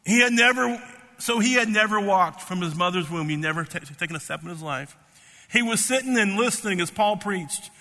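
Tearful, fervent high-voiced preacher man. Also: lively intonation, fairly quick, pushed and bright, big-room sound. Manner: emphatic, repeats words, rising to fervent pitch. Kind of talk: sermon.

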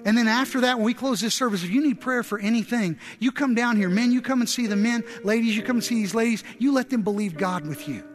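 A man with a strikingly high voice preaches a sermon, telling a folksy story and then building to impassioned exhortation. His voice rings with the long reverb of a large church sanctuary. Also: fast talker, hardly any pauses. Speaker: pastor.

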